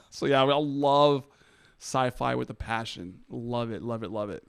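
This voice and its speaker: A man's voice: mid-range voice, measured pace, creaky, clear, resonant tone. A man chatting as a podcast guest, enthusiastic and laughing often as he tells stories, on a studio microphone. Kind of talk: casual podcast chat.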